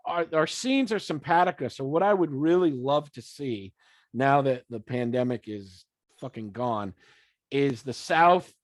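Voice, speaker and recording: A man's voice: mid-range voice, a little slow, dry recording. A man interviewing a band in casual chat, swearing freely, laughing often and acting out scenes in quoted voices. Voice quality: swears freely, animated storytelling. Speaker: podcast interviewer.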